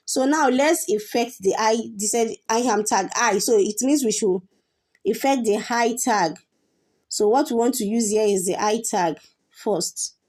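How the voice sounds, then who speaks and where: Woman teaching html, kinda high voice, slow and patient, lots of ums. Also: darkish tone. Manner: patient, explains step by step with fillers and repetition. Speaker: coding teacher. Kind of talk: screen-share coding tutorial.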